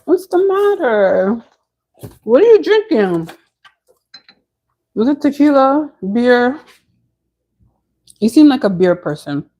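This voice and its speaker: A woman's voice: high voice, sing-song, slow pace, long pauses, mellow, rough recording. A woman chatting casually on a home live stream, answering viewers' comments as she goes.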